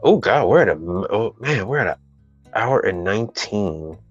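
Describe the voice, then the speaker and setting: A man's voice: lowish voice, big pitch swings, normal speed, slightly rough, no room sound. A man hosting a casual live stream on business questions, rambling and teasing in loose slang. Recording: dull dry sound with faint music behind.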